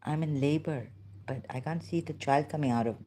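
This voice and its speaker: A woman talking to herself in a halting, searching monologue, pausing and restarting often and turning emotional at times. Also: low-pitched, warm tone, slight background noise, rough recording. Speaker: vlogger. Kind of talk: hesitant reflective monologue.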